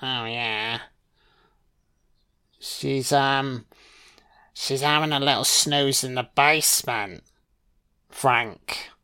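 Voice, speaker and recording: A man's voice: medium pitch, drawn-out words, pauses often, bright, forceful tone, clear, resonant tone. A man giving casual watch-along film commentary, swearing freely and talking back at the screen. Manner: profane, reactive, talks back at the screen.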